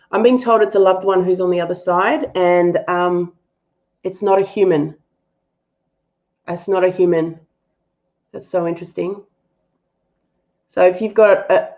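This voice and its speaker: A woman's voice: fairly low pitch, a little mellow, muffled recording. A woman hosting a live-stream animal reading and answering viewers, affectionate and thinking aloud with fillers.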